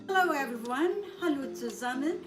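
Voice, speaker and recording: A woman with a high, animated voice hosts a German lesson segment on the radio, heard over loud music. She repeats words and phrases for listeners in a slow, drawn-out drill.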